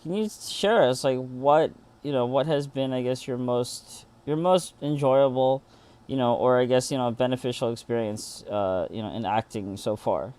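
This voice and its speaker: A man hosts a casual livestream interview and phrases his questions hesitantly, with fillers and restarts. His voice has an average male pitch. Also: normal speed, a little mellow. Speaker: interview host.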